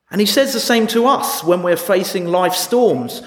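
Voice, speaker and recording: A man's voice: high voice, moderate pace. A man preaching a sermon in a conversational way, often asking his listeners rhetorical questions. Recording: echoey hall.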